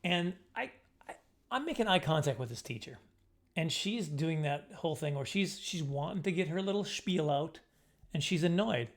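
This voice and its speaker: A middle-aged man telling a self-mocking comic story to camera in a casual, animated way. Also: moderate pace. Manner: animated, self-mocking, jumps into high squeaky voices for his younger self. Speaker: comedian storyteller.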